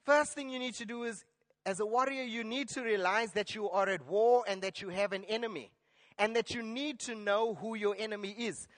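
A man preaching a sermon, retelling a Bible story with lively acted-out lines and questions to the congregation. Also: high voice, normal speed. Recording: long hall reverb.

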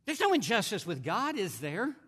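A man preaching in a large hall, his voice high and sharply bright against the long reverb. He delivers his sermon emphatically, leaning hard into declarations and then dropping to quieter, intense asides. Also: wildly swooping pitch, moderate pace, slightly rough. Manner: emphatic preaching, swinging between forceful and hushed.

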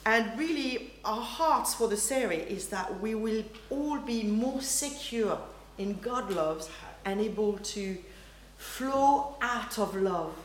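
Lively woman preaching in an echoey hall. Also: a little high, slow pace, a little hiss or hum. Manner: lively, animated, acts out quoted reactions, laughs often. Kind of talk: sermon. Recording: roomy hall echo, faint ambience.

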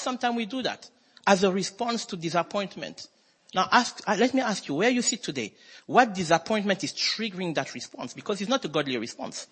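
A male preacher with a fairly high, husky voice delivers a sermon with emphatic swings in his delivery. He speaks in a church hall, and a long reverb trails his words. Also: a bit bright. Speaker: pastor.

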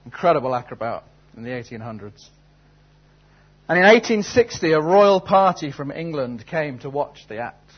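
Male preacher, sermon, husky voice, storytelling, earnest questions, dull lo-fi recording. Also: on the high side, very animated, normal speed. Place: church service.

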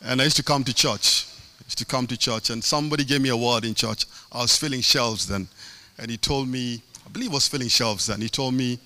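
A man's voice: medium pitch, brisk, bright, forceful tone. A middle-aged man preaching a sermon, impassioned, with a sing-song cadence and lots of repetition.

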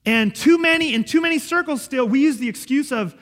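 Male pastor, high voice, earnest sermon delivery, long church-hall echo. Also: brisk, hardly any pauses. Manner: earnest, emphatic, swings from loud to soft.

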